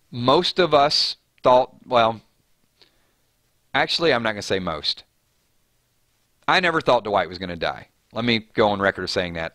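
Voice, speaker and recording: A man's voice: lowish voice, no room sound, clean studio sound. A man hosting a casual live stream, chatting loosely and reading out viewer comments, his voice jumping up on names and questions. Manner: animated, voice jumps up on names and questions.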